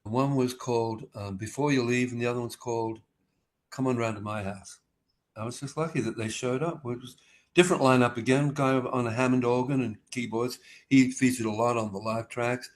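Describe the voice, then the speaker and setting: Brisk and steady, this older Australian musician's mid-range voice carries his meandering stories during a casual interview held over video call. He acts out the conversations he recounts, shifting his voice as he goes.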